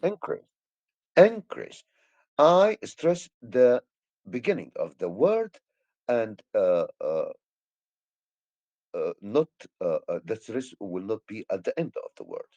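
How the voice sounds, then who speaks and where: Halting Egyptian-accented male teacher. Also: on the low side, big pitch swings, darkish tone, no room sound, muffled recording. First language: Arabic. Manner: hesitant, many fillers and restarts. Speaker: English teacher. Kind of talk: grammar lesson explanation.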